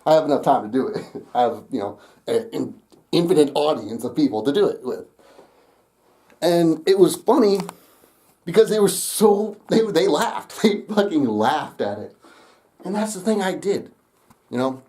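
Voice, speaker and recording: A young adult talks to the camera in a loose, rambling storytime, laughing between lines and swearing without fuss. The voice is dark and mellow in tone. Its pitch swings widely as the story goes on. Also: expressive, normal speed, long pauses. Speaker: vlogger.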